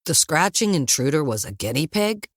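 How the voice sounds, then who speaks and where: A woman voicing a gruff older father with a dry, teasing manner. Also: sits low, very animated, moderate pace, no echo.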